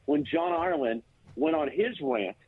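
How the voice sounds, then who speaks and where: A man on a thin, tinny phone line talks up his co-hosts in a lively, teasing way, full of mock-grand praise. His voice is high, husky and bounces all over the place. It sounds close and dry. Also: moderate pace, dry recording. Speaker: radio show regular calling in. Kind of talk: casual sports radio banter.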